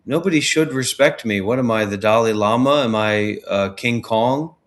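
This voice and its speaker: A man's voice: mid-range voice, moderate pace. A man hosting a livestream who talks bluntly and combatively and trades insults. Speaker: livestream host. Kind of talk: livestream chat.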